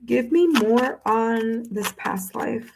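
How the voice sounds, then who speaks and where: With hiccups interrupting her, a woman offers a paid tarot reading over a live stream, calmly reassuring the viewer she's speaking to. Her fairly high voice is creaky and slow, with noise audible in the background.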